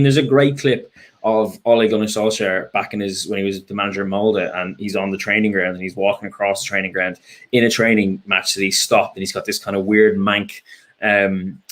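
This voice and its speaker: A man with an Irish accent and a slightly low voice talks through a match in relaxed, unscripted chat. He is frank and rambling, filling his pauses with ums and restarting his sentences. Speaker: fan guest. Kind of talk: casual post-match chat.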